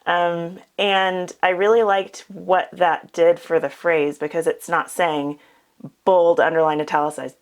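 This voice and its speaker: A woman speaking reflectively in a casual conversation, with many pauses and fillers. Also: deep voice, little pitch movement.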